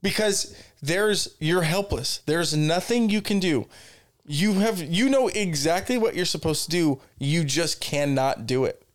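Guy chatting on a podcast, bit higher voice, cusses a lot, keeps laughing at his own stories. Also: expressive, measured pace, no room sound, clean studio sound. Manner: laughing storyteller, swears a lot. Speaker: podcast co-host. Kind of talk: casual chat, storytelling.

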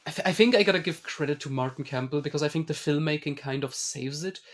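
Podcast co-host guy, chatty, kinda high voice, lots of restarts. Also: fast. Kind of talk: casual film discussion.

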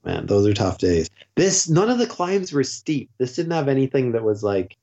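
A man who is a podcast guest, telling lively anecdotes in casual chat and swearing freely. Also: medium pitch, moderate pace, gravelly. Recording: dull lo-fi podcast audio.

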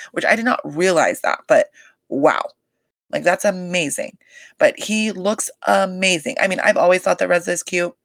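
On a dry desk-mic recording, a woman with a lowish, creaky voice hosts a podcast recapping a reality show. Her casual chat is gossipy, profane and animated, peppered with "like" and "you guys."

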